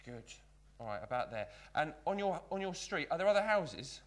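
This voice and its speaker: Slightly high and full of big pitch swings, this man's voice moves at a moderate pace. Playing a mischievous Victorian magician's apprentice, he works through a live card trick in character with playful patter, repeatedly telling his audience to "look."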